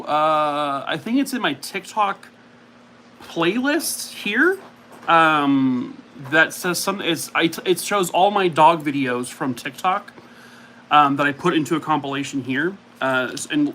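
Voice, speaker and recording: A man's voice: a little high, sharp tone, a little hiss or hum, low-quality recording. A man hosting a casual live stream from home, chatting and cooing at his dog. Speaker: streamer host.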